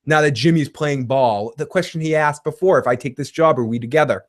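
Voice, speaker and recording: A man hosting a casual show that recaps a TV episode, excitable and profane, laughing often as he retells scenes and reads out viewer comments. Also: on the high side, brisk. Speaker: podcast host reviewing a TV episode.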